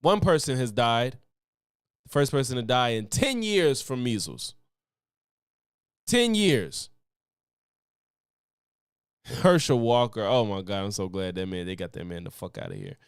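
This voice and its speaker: A man streaming commentary on news clips, ranting in a profane, animated way and laughing between points. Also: mid-range voice, normal speed, clean tone, no room sound, studio quality.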